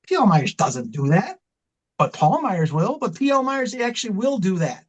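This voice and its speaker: A man's voice: high-pitched, very animated, normal speed, rough recording. A middle-aged man, a wrestling manager, telling long impassioned stories in an interview, rambling and repeating himself as he goes. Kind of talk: storytelling interview talk.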